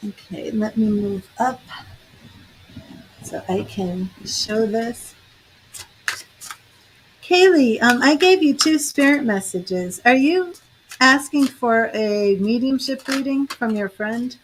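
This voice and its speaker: A woman's voice: fairly high pitch, lively intonation, takes it slowly, pauses often, slight background noise, poor audio. A woman tarot reader and psychic medium chatting on a livestream, laughing often and greeting viewers by name. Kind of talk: casual livestream chat.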